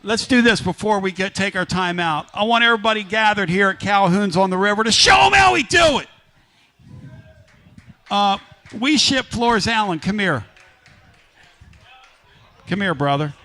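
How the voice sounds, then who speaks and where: A man hosting a live sports talk radio show from a restaurant, talking loud and hyped as he works up the crowd. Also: high voice, moderate pace. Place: live remote broadcast at a riverside restaurant.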